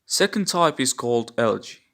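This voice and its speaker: A man's voice: medium pitch, very animated, a little fast, fairly bright tone. A man teaching a poetry lesson step by step, patiently explaining each stage and repeating key terms. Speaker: English literature teacher.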